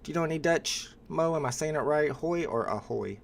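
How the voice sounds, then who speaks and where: A man hosting a live stream, chatting casually with viewers and pausing often with "uh" as he talks. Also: on the high side, gravelly. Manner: relaxed, chatty, with frequent "uh" pauses.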